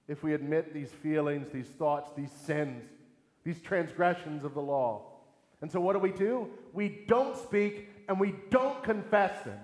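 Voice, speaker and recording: A man preaching a sermon in an earnest, emphatic way, asking rhetorical questions. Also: fairly high pitch. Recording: echoey hall with long reverb.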